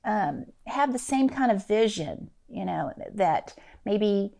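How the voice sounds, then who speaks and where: A woman physician being interviewed, telling stories about her work in a relaxed, conversational way with some fillers. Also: medium pitch, takes it slowly, gravelly. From Louisiana, US. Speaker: interview guest, lifestyle medicine physician.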